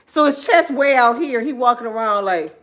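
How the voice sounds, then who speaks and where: A woman vlogger telling a comedic storytime in an animated, slangy, joking manner, often laughing. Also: a little high, moderate pace.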